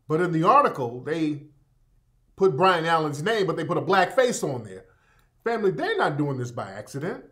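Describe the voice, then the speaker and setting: A man's voice: a little high, sing-song, normal speed, a bit bright. Man hosting a casual live broadcast. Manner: loose, repetitive, addresses listeners as family. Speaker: radio show host.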